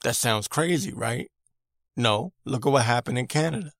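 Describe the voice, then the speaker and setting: A man in the middle of an irritated rant on his own podcast, hammering his points home and saying them again and again. His voice sits at an ordinary middle pitch. The sound is close and dry, with no room echo. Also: moderate pace, fairly bright tone. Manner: irritated, emphatic, repeats himself. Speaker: podcast host. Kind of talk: opinion rant monologue.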